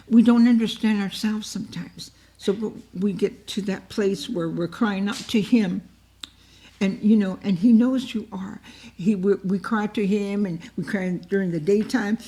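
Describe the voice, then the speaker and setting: A woman with a dark, mellow voice teaches an informal Bible study. She repeats herself for emphasis and acts out pleading prayers with feeling. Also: mid-range voice. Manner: emotive and repetitive, often acts out cries to God.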